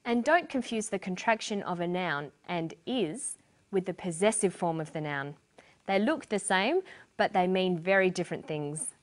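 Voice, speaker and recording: A woman narrating a scripted English lesson as a teacher, speaking clearly and deliberately. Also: lowish voice.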